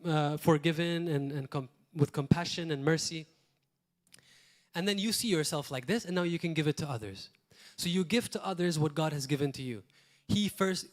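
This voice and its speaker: A Maltese pastor with a voice on the high side preaches a sermon in church. He's earnest, poses rhetorical questions, and swings between loud emphasis and quiet asides.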